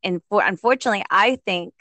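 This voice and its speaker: A middle-aged woman, a guest telling a personal story in an animated, conversational way, often acting out the voices of others and laughing. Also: mid-range voice, quick pace, no room sound. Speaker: guest, parent.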